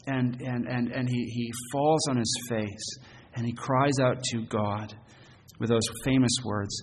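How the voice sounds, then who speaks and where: A man preaching a sermon as pastor, earnest and halting, often repeating words as he goes. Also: medium pitch, fairly even intonation. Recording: long church reverb, faint noise.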